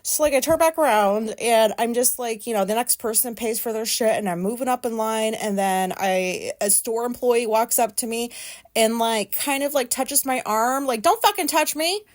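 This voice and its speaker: High-pitched woman ranting, swearing a lot. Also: moderate pace, a little mellow. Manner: profane, exasperated ranting with frequent "like". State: agitated, pissed off. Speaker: vlogger. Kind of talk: casual venting monologue.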